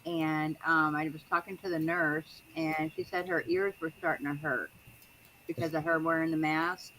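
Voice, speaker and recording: Low-voiced woman telling a story over a call. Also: flat delivery, normal speed, fairly bright tone, slight background noise, poor audio. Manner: rambling storytelling with fillers. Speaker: livestream guest. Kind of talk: casual video call chat.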